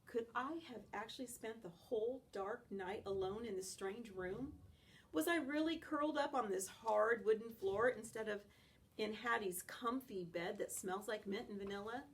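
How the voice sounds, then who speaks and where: A woman reading a children's novel aloud in an expressive, animated first-person style. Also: a little high, normal speed. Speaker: audiobook reader.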